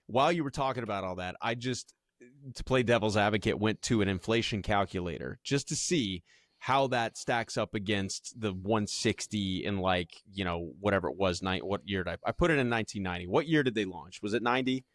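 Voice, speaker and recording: A man co-hosting a podcast in casual chat, animated and thinking aloud with restarts. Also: lowish voice, a little fast, dry recording, clean studio sound. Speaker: podcast co-host.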